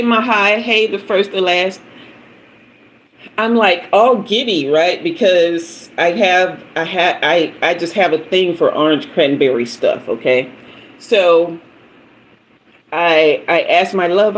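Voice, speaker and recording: A woman's voice: lowish voice, a little hiss or hum, poor audio. A middle-aged woman, hosting a casual livestream as a tarot reader, chatting and telling stories with frequent laughter. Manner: chatty storyteller, laughs often, greets commenters by name. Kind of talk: casual live-stream chat.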